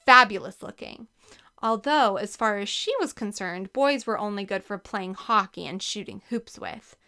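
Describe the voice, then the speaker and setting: A woman narrating a children's book with a lively, expressive reading. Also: medium pitch, moderate pace, smooth. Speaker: audiobook narrator. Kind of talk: scripted narration.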